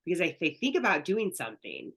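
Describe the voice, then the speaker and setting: A woman's voice: on the low side, huge pitch swings, fast talker, fairly bright tone, slightly rough. A woman spiritual coach teaching an online class, talking in an earnest, candid, conversational way.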